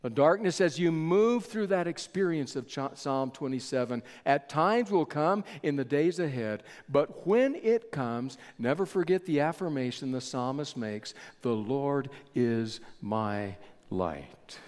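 A man preaching a sermon in a church, slow and deliberate with dramatic pauses. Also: a little high, lively intonation, darkish tone. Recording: long reverb of a large hall.

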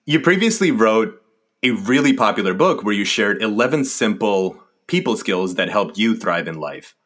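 Man, podcast host, low voice, measured questions. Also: lively intonation, a bit bright.

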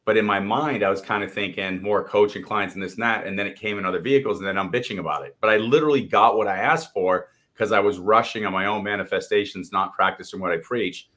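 A man co-hosting a casual podcast, a coach who talks in a relaxed, rambling way with many fillers. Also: fairly low pitch, fast, few pauses. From Austin, Texas. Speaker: co-host, coach.

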